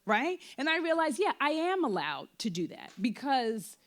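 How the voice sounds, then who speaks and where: A woman speaking candidly at a post-show talkback about her play, full of fillers and quick acted-out bits of her own thoughts. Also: high-pitched. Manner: animated, frequent fillers, acts out quoted thoughts. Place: theater before an audience.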